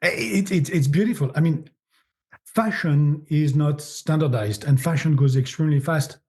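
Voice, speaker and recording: Man with a French accent, middle-aged, mellow warm tone, fairly high voice, animated interview guest. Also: normal speed. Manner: animated, repeats words while searching for phrasing. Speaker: agency founder, guest. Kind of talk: podcast interview.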